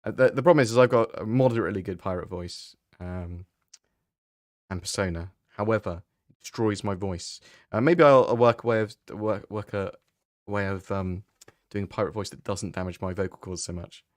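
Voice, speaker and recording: A man with a lowish voice, chatting through viewer questions on a live stream. He keeps it relaxed and conversational and thinks out loud before he lands on an answer. The sound is dry and close, with no room around it. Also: normal speed, no room sound.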